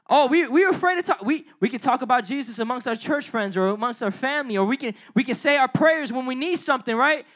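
A high-pitched preacher speaks in an easygoing, slangy way, like someone talking with friends rather than preaching formally. The speaker retells the story with acted-out dialogue and often turns to the listeners with direct questions. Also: animated, fast talker, hardly any pauses, a bit bright. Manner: slangy, storytelling, acts out the biblical characters' lines in dialogue; asks the audience questions and addresses them directly. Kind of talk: casual conversational sermon.

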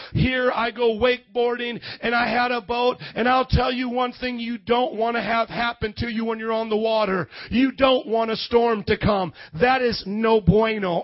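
A man preaching a lively sermon in a church, shifting between loud shouts and quiet passages. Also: very high voice, no echo, highs cut off. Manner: energetic, swings from shouting to hushed. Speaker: pastor.

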